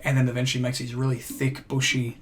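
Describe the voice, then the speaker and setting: A man at an ordinary middle pitch, co-hosting a relaxed podcast. He trips over his words, repeats himself, and fills the gaps with agreement. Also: fast, noisy background. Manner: hesitant, repeats words, frequent backchannel agreement. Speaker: podcast co-host. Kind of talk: casual chat.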